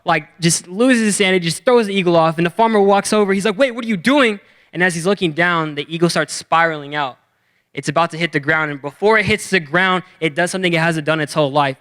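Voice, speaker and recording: A young man giving a youth sermon, energetic and playful, acting out the characters in his stories with slang. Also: fairly high pitch, clear, resonant tone. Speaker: youth pastor.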